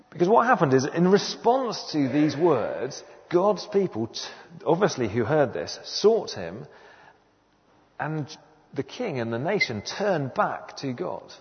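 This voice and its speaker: A man preaching a sermon in an earnest, emphatic way, repeating key phrases for weight. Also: fairly high pitch. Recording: dull sound with long hall reverb.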